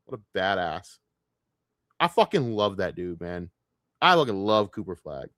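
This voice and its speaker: A man's voice: sits low, big pitch swings, unhurried, bright, forceful tone, dry recording, studio quality. A man streaming alone, rambling in casual talk with a lot of swearing, trailing off and laughing to himself. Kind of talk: casual solo livestream rant.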